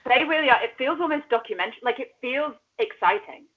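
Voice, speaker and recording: A woman's voice: high-pitched, animated, quick pace, husky. A woman co-hosting a podcast, chatting casually about reality TV, laughing often and cursing now and then. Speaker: podcast co-host. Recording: dull lo-fi sound.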